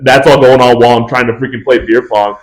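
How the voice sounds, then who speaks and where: A young man in his twenties talks fast and keeps a casual, chatty flow as he co-hosts a podcast. He acts out his friends' lines while he tells stories. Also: medium pitch, rough recording. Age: 20s. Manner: animated storyteller acting out friends' lines. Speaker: podcast co-host. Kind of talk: casual chat.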